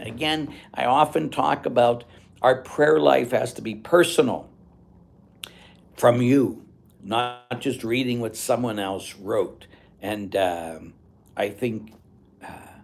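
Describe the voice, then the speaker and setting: Chatty, blunt Catholic priest. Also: male voice, mid-range voice, slow pace, creaky, long pauses. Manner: chatty, rambling, with frequent fillers; blunt and joking. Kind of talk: casual livestream Q&A reading chat.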